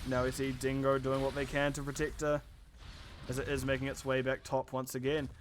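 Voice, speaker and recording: A man's voice: mid-range voice, monotone, a little fast, a little hiss or hum. A man giving live esports play-by-play commentary, tired and rambling, with self-aware asides. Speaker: esports caster.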